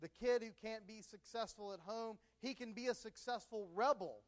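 A man with a notably high voice delivers a sermon. He talks in an easy, conversational way, and he keeps illustrating his points with everyday stories from his own home and marriage. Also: moderate pace. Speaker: pastor.

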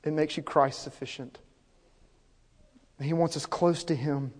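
A pastor preaching an impassioned sermon, swinging from hushed, intimate passages to loud, urgent peaks. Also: male voice, a little high, steady tone, a little slow. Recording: long hall reverb.

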